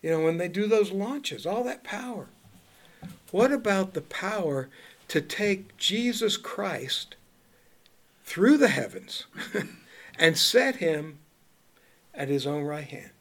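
His voice is high and fairly bright, with lively intonation, a slow pace, and long pauses. He teaches a small group from the Bible informally, reading King James verses, questioning his listeners, and laughing frequently.

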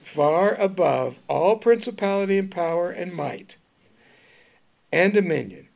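A man's voice: high-pitched, animated, measured pace, vocal fry, a little mellow. A man teaching the Bible to a small group in an informal, conversational way, reading King James verses aloud and asking the listeners questions. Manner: conversational, asks the group questions and laughs often; reads scripture aloud in King James wording.

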